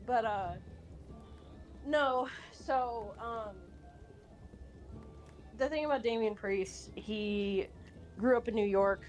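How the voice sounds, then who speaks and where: A woman's voice: fairly high pitch, slow pace, long pauses, soft background music. A woman streamer chatting casually and animatedly, rambling with many fillers and restarts, and swearing now and then. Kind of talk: casual chat while drawing.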